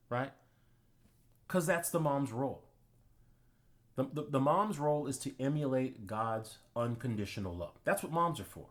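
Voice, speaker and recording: A man's voice: mid-range voice, lively intonation, normal speed, long pauses. A man hosting his own channel, giving an emphatic, preachy commentary monologue and telling personal anecdotes. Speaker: channel host.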